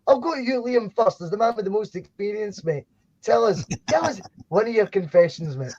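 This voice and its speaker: A man's voice: high-pitched, animated, a little fast, a little mellow, dull audio. A Scottish man hosting a podcast in a joking, laid-back chat, swearing and laughing often. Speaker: podcast host. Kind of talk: casual chat.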